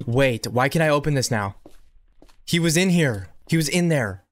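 A man giving excitable horror game playthrough commentary, talking back to the game and repeating himself. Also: on the high side, moderate pace, no echo. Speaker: gaming video creator. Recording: noticeable background noise.

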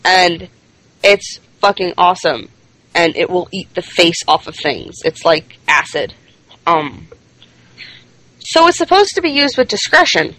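A podcast co-host with a bright, tense voice, explaining things bluntly and with enthusiasm. The talk is casual and peppered with swearing. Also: medium pitch, very animated, measured pace, long pauses, low-quality recording. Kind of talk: casual chat.

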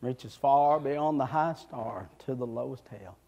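A man preaching a sermon, with fervent shouts and folksy asides to the congregation. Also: mid-range voice, a little slow, vocal fry.

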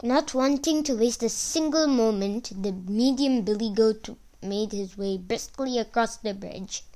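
Slow-reading woman storyteller. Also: on the high side, dark tone. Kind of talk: children's fairy tale read-aloud.

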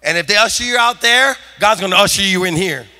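A man preaching a sermon as pastor, shouting and building intensity in a church. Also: high-pitched, fast. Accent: Californian. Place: church sanctuary.

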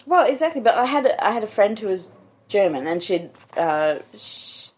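An Australian woman hosting a casual comedy podcast chat, telling stories with lively quoted asides. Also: medium pitch, normal speed. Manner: storytelling, animated quotes. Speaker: podcast host.

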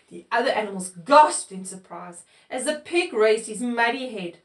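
A woman reading a picture book aloud to children, in an expressive storytelling manner. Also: a little high, moderate pace, few pauses. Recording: echoey room, mic far off.

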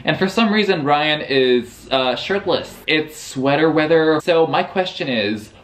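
Sarcastic, animated man reviewing a book. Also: fairly high pitch, unhurried. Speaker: book vlogger. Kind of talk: casual book review chat.

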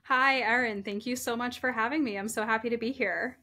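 A woman's voice: fairly high pitch, fairly even intonation, brisk, bright, forceful tone. A woman appearing as a guest on a casual book podcast, bubbly and giggly. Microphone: remote recording software.

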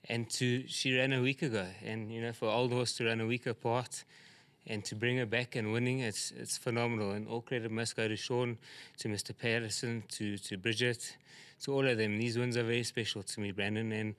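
A man's voice: medium pitch, little pitch movement, a little fast, a bit bright, no room sound. A man, a jockey talking enthusiastically after a win, his speech full of "uh, you know" fillers. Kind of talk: post-race interview.

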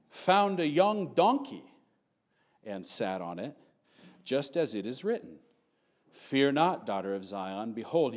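His voice a little high, a male pastor preaches animatedly, shifting between acting out shouting crowds and speaking quietly in his sermon.

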